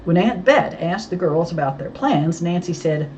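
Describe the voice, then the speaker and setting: Low, lively woman narrator for a storybook; dull, lightly hissy recording. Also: normal speed. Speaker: audiobook reader.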